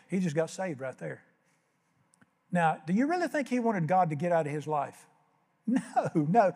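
A man's voice: on the high side, expressive, moderate pace, darkish tone, big-room sound. An older man preaching a sermon as pastor, telling folksy stories and acting out the voices. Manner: folksy storytelling, acts out voices.

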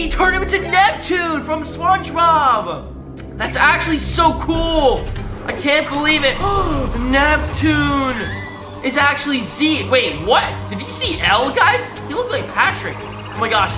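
A woman's voice: high voice, animated, slow pace. A woman hosting a reaction video, gasping, exclaiming and constantly calling out to viewers as guys. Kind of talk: excitable reaction commentary. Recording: roomy sound with music behind. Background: background music.

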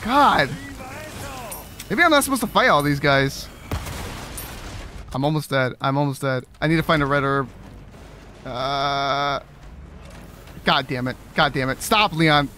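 A man's voice: a little high, lively intonation, unhurried, pauses often, pushed and bright, a little hiss or hum. A man streaming a horror game, swearing, exasperated and repeating himself in panic. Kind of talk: live gameplay commentary.

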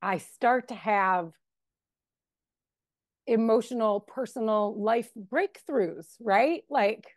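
A woman's voice: on the high side, no room sound, clean studio sound. A woman in her forties giving a candid, emotional personal recovery testimony at a meeting. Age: 40s. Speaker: member sharing at a recovery meeting.

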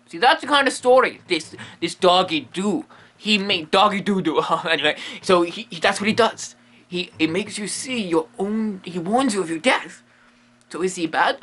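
A man hosts a comedic monster explainer with a bright, lively voice that swings up and down in pitch. He rambles playfully from one silly aside to the next. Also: moderate pace. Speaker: comedic host playing a medium.

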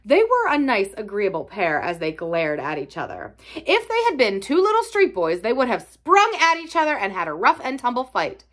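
A woman reading a classic novel aloud for a library, telling it in an expressive storytelling way. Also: a little high, normal speed. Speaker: library reader.

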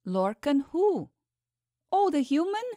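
A woman's voice: very animated, takes it slowly, dark tone, dry recording, studio quality, exaggerated voice. A woman voicing a frightened young servant girl. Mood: fearful pleading. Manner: pleading, apologetic, high and anxious. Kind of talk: audiobook character voice.

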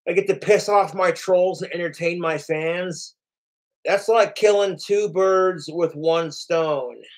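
A man's voice: high-pitched, slow pace. A man hosting his livestream, ranting casually and profanely, acting out the lines of others. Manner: profane, boastful, acts out quoted lines. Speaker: livestream host.

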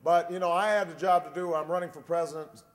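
A man in his forties giving a campaign speech, telling a dry, wry story and then building to a shouted rallying close. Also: a little high, steady tone, fast. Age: 40s. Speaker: presidential candidate. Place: large convention hall. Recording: long reverb of a big convention hall.

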